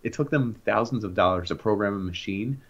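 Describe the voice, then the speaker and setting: A young man co-hosting a podcast, telling animated stories in casual chat and acting out the voices of people in them. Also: lowish voice, fairly quick, slight background noise. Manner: animated, acts out voices in anecdotes. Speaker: podcast co-host. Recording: dull lo-fi sound.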